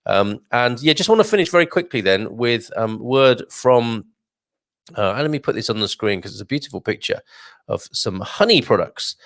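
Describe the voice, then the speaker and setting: A man runs a casual live stream, chatting and reading viewer comments aloud, full of fillers and side remarks. He has a mid-range, fairly bright voice with lively intonation and a normal pace, recorded in studio quality with no room sound.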